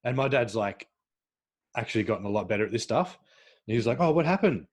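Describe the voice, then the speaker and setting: A man hosting a podcast, talking in a halting, casual way with many fillers and restarts. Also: fairly low pitch. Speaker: podcast host.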